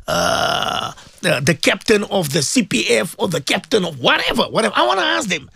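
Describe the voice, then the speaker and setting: A man's voice: high-pitched, vocal fry, fairly bright tone, breathy edge, dry recording, studio quality. A man with a South African accent, a radio host and Muslim cleric, giving impassioned commentary full of repetition and rhetorical questions.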